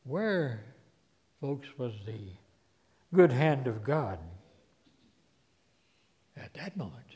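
A man preaching a sermon, telling a personal story, his voice swinging from hushed to loud. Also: mid-range voice, very animated, drawn-out words, big-room sound.

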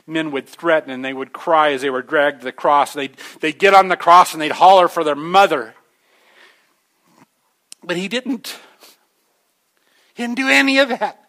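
Male pastor, high and bright, chatty sermon delivery that swells and drops. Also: expressive, moderate pace, pauses often. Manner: conversational preaching, many restarts, rises to emphatic peaks then drops low.

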